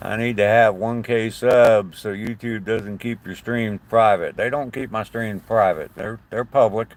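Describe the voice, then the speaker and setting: Older guy from southern ohio, little southern twang, deep voice, chatty livestream host talking to chat. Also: steady tone, measured pace. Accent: slight southern twang. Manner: chatty, rambling, friendly to chat. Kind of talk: casual live-stream chat with viewers.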